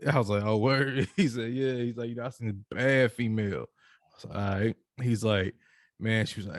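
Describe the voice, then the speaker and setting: A man's voice: on the low side, fairly even intonation, moderate pace, no echo. Laid-back man hosting a podcast, dry sound. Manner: laid-back, laughing, loose slang. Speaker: podcast host. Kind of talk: casual podcast chat.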